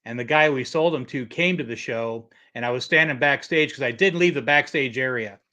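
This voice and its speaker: A man's voice: medium pitch, fairly quick, bright, forceful tone. A middle-aged man from Michigan hosting a casual livestream, rambling through stories and reading chat comments aloud. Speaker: livestream host.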